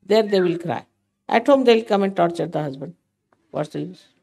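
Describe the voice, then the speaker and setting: A woman's voice: fairly low pitch, moderate pace, vocal fry, mellow, husky. An older woman giving a spiritual talk to her followers, emphatic and motherly, often scolding. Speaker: spiritual teacher.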